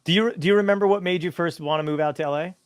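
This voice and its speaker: A man hosting a podcast in casual chat, joking and talking quickly. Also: sits high, smooth, no echo, clean studio sound. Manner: quick, joking, says he talks fast. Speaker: podcast host.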